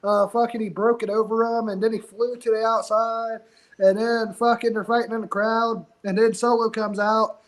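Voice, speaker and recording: A man's voice: high-pitched, little pitch movement, normal speed, rough recording. A man co-hosting a wrestling podcast, chatting casually in a profane, rambling way and retelling stories with animation. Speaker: podcast co-host.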